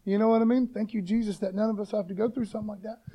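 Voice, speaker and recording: A man's voice: high voice, steady tone, rapid-fire, warm tone, slightly rough. A man preaching an informal devotional talk, fired up and casual, calling listeners "man" again and again.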